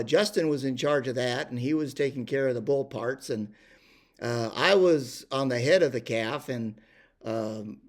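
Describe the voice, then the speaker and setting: An older man telling a rambling ranch story, full of fillers and restarts. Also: mid-range voice. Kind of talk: casual spoken storytelling.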